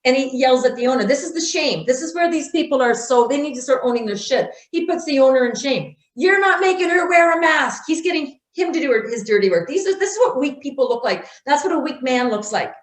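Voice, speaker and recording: A woman's voice: high voice, expressive, quick pace, hardly any pauses, darkish tone, reverberant. A woman speaking in an interview, blunt and emphatic, acting out quotes as she tells stories. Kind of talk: conversational interview.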